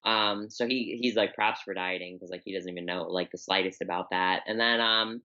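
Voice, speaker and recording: A woman's voice: a bass voice, fairly even intonation, brisk, bright, forceful tone, muffled recording. A young woman in her twenties with a Chicago accent, chatting casually as a podcast guest and filling her talk with "like". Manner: chatty, many "like" fillers and repeats. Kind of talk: casual interview chat.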